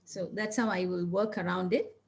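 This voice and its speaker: Earnest woman physician explaining calmly. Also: on the low side, normal speed. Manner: earnest, explanatory, lists points step by step. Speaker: physician and coach, guest. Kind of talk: interview answers.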